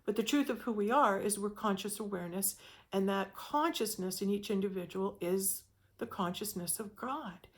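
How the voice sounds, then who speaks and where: A woman's voice: mid-range voice, normal speed. A woman giving an informal spiritual talk, speaking in a reflective, meandering way with frequent restarts.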